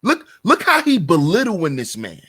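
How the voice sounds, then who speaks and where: A man's voice: high-pitched, huge pitch swings, moderate pace, fairly bright tone, slightly rough. A man hosting his own channel, giving an emphatic commentary rant full of repeated rhetorical questions. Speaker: channel host.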